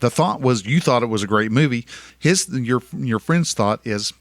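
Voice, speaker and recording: A young man delivers a casual solo monologue on his podcast in a mid-range voice with lively intonation and normal speed, recorded dry. He rambles in a folksy way, constantly correcting himself and restarting his sentences.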